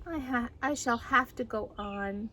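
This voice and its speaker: A woman voicing a simple-minded, honey-loving male teddy bear in a high, gentle, wondering voice. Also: a little slow.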